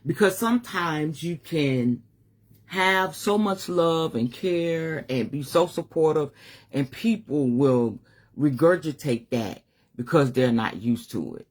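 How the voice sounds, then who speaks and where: Middle-aged woman, spiritual advisor, open-hearted live-stream monologue with a breathy, husky edge. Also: sits low, expressive, slow pace. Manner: candid and emotional, swears casually.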